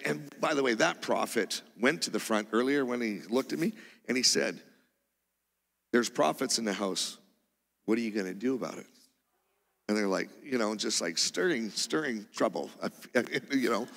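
Gravelly preacher in a big church hall. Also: male voice, medium pitch. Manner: animated, punctuated with loud exclamations. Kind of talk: sermon testimony storytelling. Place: church sanctuary.

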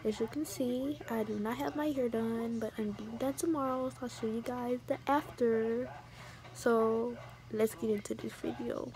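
A woman's voice: fairly high pitch, steady tone, moderate pace, darkish tone. A teenage girl chatting casually in a get-ready-with-me vlog, rambling and correcting herself with slang. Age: teens. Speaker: vlogger. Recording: music playing behind.

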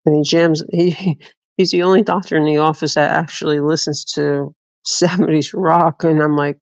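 A man's voice: a little high, flat delivery, moderate pace, creaky, dry recording. A man telling personal stories in a rambling, casual way, with restarts and laughter. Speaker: vlogger. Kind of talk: casual storytelling. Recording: dull lo-fi dry recording.

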